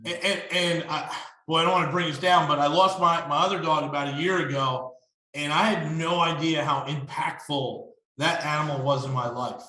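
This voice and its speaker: A man hosts a casual interview chat in a roomy, echoey space, his voice fairly high, steady, and sharp at a moderate pace. He rambles, restarting sentences often and filling gaps with fillers.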